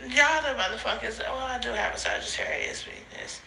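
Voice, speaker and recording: Giggly, high-pitched woman rambling in voice notes. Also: wildly swooping pitch, brisk, gravelly, bright, forceful tone, slight background noise, rough recording. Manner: giggly, crying and laughing, loses her train of thought, swears a lot. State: intoxicated, laughing and crying. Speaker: podcast host sending voice notes. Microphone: phone voice memo.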